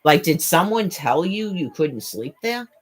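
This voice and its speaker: An exasperated woman rants straight to camera, swearing and firing off rhetorical questions. Her pitch swings widely from low to high as she mimics others mid-sentence. She stumbles and restarts her words as she goes. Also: big pitch swings, unhurried, breathy edge. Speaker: vlogger. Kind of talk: rambling rant to camera.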